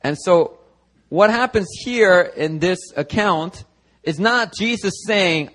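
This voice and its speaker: A man preaching a sermon at a church service, lively and conversational, acting out the voices of biblical figures as he goes. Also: a little high, normal speed, rough recording. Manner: animated, acts out voices of biblical figures, talks to the congregation. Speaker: pastor.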